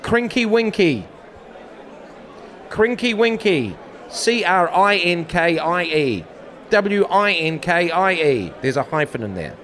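A man's voice: high voice, sing-song, slow, fairly bright tone. A man with a playful, teasing manner, hosting a casual word game. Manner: playful, teasing, quizzing the others. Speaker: podcast host running a word game. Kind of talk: casual chat.

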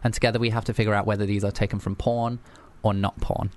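A man's voice: lowish voice, level tone, fast talker. A man hosting a radio show in casual chat, chatty, often stumbling and repeating words.

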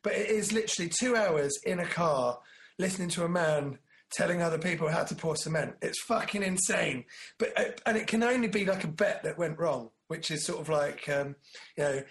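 A man's voice: on the high side, lively intonation, fairly quick, creaky, slight background noise. Rambling, jokey man chatting. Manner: rambling, jokey storyteller who acts out quotes. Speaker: podcast co-host. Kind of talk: casual chat.

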